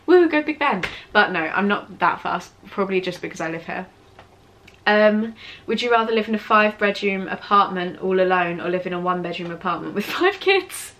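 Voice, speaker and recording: A woman's voice: mid-range voice, expressive, a little fast, sharp tone. Chatty young British woman vlogger. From England. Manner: chatty, self-mocking, rambling. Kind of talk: casual Q&A chat. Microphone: camera on tripod with ring light.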